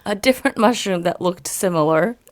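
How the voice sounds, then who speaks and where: Lively woman telling stories, low-pitched. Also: a little fast. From Japan. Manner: animated storytelling with fillers. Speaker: musician guest. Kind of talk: casual interview chat.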